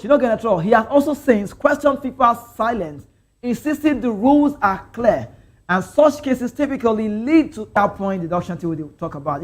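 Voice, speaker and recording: Chatty Nigerian man with a high voice. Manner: chatty, animated, drifts into pidgin. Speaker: sports show host. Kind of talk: casual live-stream football talk, reading viewer comments.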